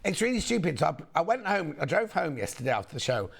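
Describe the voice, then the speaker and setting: Brief: male shopping-channel host, hoarse and gravelly, lively up-and-down delivery, gossipy and rambling. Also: fairly high pitch, fast. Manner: chatty, gossipy, rambling asides. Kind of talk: casual live sales chat.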